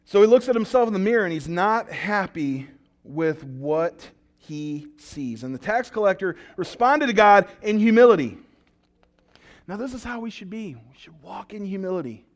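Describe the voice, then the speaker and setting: A man's voice: high-pitched, normal speed. A male pastor preaching a sermon, telling stories with jokes and acted-out quotes. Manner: storytelling, animated and joking, with acted-out quotes.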